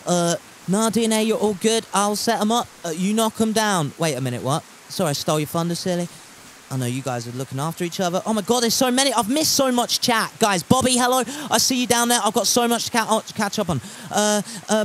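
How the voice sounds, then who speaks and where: A man gives casual gameplay commentary in a fairly high voice. He banters, swears freely and reads his chat aloud. Faint rain hisses behind him. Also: a little fast, low-quality recording. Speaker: streamer.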